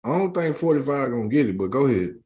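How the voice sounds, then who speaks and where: A man's voice: mid-range voice, sing-song, quick pace, dark tone. A man co-hosting a podcast, adding brief interjections and dry asides in casual chat.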